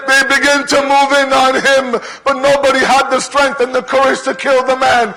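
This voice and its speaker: A man's voice: very high voice, completely flat delivery, moderate pace, vocal fry, hardly any pauses, poor audio. A man preaching a mourning sermon with impassioned narration that rises to cries. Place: gathering hall.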